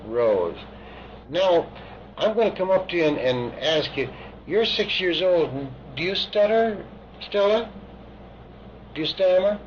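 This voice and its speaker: A man leading a hypnotic age regression session, asking calm, coaxing, leading questions. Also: high voice, a little slow, pauses often. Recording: dull archival recording with hiss.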